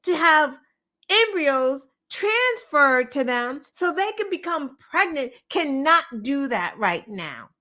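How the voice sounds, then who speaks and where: A woman's voice: high voice, big pitch swings, slow, sharp tone. A woman hosting a show, giving opinionated political commentary in an impassioned, profane way, firing off rhetorical questions. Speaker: show host.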